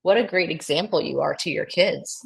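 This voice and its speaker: A woman with a notably low voice speaks in an affirming, casual tone. She restarts often with "I mean" as she encourages her friend. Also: moderate pace, vocal fry, rough recording. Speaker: podcast co-host. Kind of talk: supportive casual chat.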